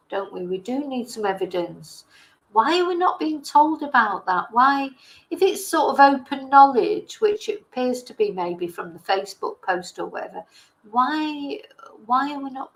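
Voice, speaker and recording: A woman's voice: medium pitch, poor audio. Rambling middle-aged woman chatting live. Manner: rambling, hesitant, many fillers and self-corrections. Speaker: livestream host. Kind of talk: casual live chat reading viewer comments.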